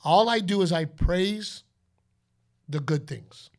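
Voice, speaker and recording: A man with a notably high speaking voice tells stories in a casual podcast chat. He is animated and expressive, quick to break into playful shouted voices as he talks. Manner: animated storyteller, slips into playful announcer shouts. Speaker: podcast co-host; father.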